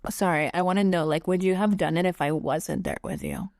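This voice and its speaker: A woman's voice: lowish voice, fairly quick, gravelly, darkish tone. A young woman hosting a podcast, telling a story in a rambling, casual way full of fillers and acted quotes. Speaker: podcast host. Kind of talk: casual chat.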